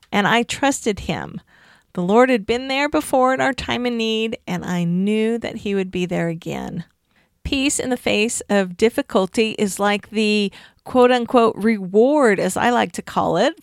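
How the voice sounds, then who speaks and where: A middle-aged woman giving a personal faith testimony, telling her story in an earnest, expressive way. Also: mid-range voice, vocal fry, dry recording, clean studio sound. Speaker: speaker giving a faith talk.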